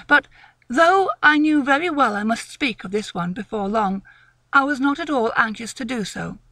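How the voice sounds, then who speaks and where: A woman narrating a classic ghost story in an expressive, measured reading. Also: a little high, dry recording.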